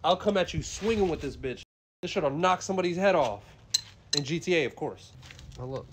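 A young man on a live stream, his voice sitting a bit high and swinging widely as he jumps from groaning to shouting. He swears freely and keeps talking to his chat while he works on a car. The stream is noisy, with clanking and clicks behind him. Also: fairly quick. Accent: Florida. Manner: loud, excitable, swears a lot, talks to chat.

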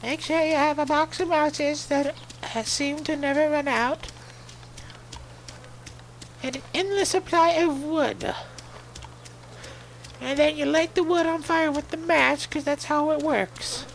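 A deadpan survival-show guide with a thin, high voice, as a man puts it on. The words crawl out slowly with a gravelly crackle, laying out tips in a flat, mock-serious tutorial tone. It sounds like a spoof of a wilderness broadcast. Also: heavily acted. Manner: slow mock-instructional delivery.

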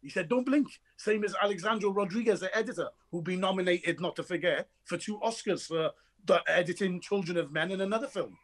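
High-voiced actor, restless and excitable, tells stories acting out every line. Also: male voice, a little fast. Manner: energetic, restless storyteller who acts out quoted dialogue. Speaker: actor interviewed about his film. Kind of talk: animated anecdotal chat.

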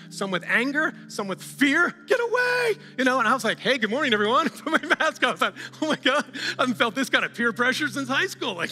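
A male pastor with a high, bright, ringing voice preaches to his church, urging and calling out to the congregation and breaking into laughs. His voice carries a long reverb from a large hall, with faint music underneath. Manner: exhorting, calls out to the congregation, laughs often. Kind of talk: sermon.

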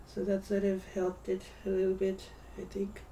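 A tired woman records a casual video diary at home. She speaks in a mellow, low-key voice, hesitant and soft, and now and then slips into a whisper. She sits a little away from the mic, with a faint hum in the room. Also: completely flat delivery, moderate pace, recorded from a distance. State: tired, yawning. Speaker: vlogger.

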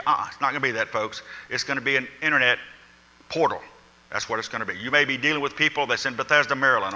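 A man's voice: a little high, bright, forceful tone. A middle-aged man giving a live insurance seminar in a large conference hall, folksy, calling the audience folks and asking for a show of hands. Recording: reverberant hall.

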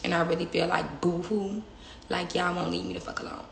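A woman's voice: fairly low pitch, steady tone, brisk, gravelly, reverberant, slight background noise, low-quality recording. A young woman livestreaming from her phone, talking bluntly and with plenty of swearing in a casual, confrontational chat. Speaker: livestream host.

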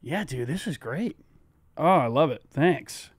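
A man's voice: fairly high pitch, animated, measured pace, slightly rough, no room sound, studio quality. A man playing a customer who stammers out forced praise for a terrible haircut. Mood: forced cheer. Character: overly polite young man with a terrible haircut.

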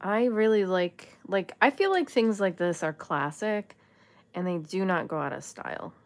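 A woman's voice: medium pitch, animated, moderate pace. A woman vlogger casually chatting through a jewelry haul, musing aloud and talking to the items. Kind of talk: casual unboxing chat.

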